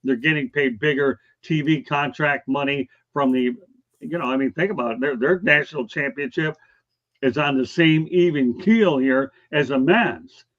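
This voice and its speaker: A man's voice: a little high, moderate pace, a bit bright, dull audio. A man hosting a sports talk show, casual and emphatic, pushing his opinions hard. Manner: emphatic, opinionated, keeps saying okay.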